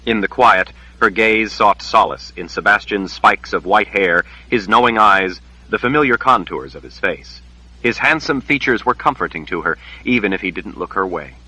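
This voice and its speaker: Husky-voiced man narrating a fantasy tale. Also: sits low, poor audio. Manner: measured, even storytelling delivery. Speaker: audiobook narrator.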